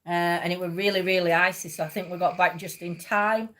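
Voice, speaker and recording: A woman's voice: fairly low pitch, fairly even intonation, fairly quick, fairly bright tone. A woman hosting a livestream, chatting in a rambling way and laughing often. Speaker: livestream host. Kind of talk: casual chat.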